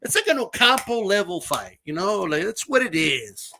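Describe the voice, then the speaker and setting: A man's voice: high-pitched, sing-song, moderate pace, creaky, pushed and bright. A man giving a brash, mocking, profane rant as a boxing commentator. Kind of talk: ranting commentary vlog.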